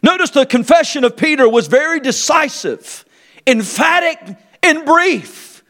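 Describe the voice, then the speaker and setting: High-voiced preacher, fervent. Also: male voice. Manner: impassioned, swinging between shouted emphasis and low quiet asides. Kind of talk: sermon. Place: church service before a congregation.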